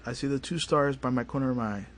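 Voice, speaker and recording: A man tells his story in a radio studio, at an ordinary mid pitch. He talks casually and animatedly, putting on the voices of the people in his story. A faint hiss sits under his voice. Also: quick pace. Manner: animated, acts out family dialogue. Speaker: paranormal investigator, studio guest.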